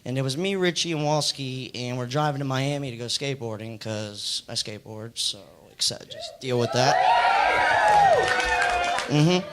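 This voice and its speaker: A young American man doing a stand-up set, rambling and deadpan with lots of fillers. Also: mid-range voice, a little fast, few pauses, crowd noise. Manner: laid-back, rambling, deadpan jokes with fillers. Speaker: stand-up comedian. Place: comedy club stage. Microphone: handheld stage mic. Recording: noisy club recording. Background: audience noise.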